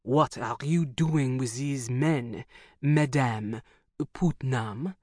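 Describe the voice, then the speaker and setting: A tired French functionary speaks with a thick French accent, clipped and suspicious, as a narrator puts him on. The sound is dry and close, and he drags his words out slowly. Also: mid-range voice, dry recording. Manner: curt, weary, bureaucratic. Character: harried, grudging French male official. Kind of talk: audiobook character voice.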